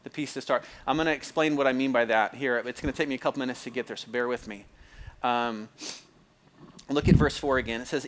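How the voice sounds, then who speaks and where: A male pastor preaches in a talky, conversational sermon style, his medium-pitched, fairly bright voice moving at a quick pace with fairly even intonation. He repeats phrases, fills with "like," stumbles and restarts often, and checks with the crowd whether it makes sense.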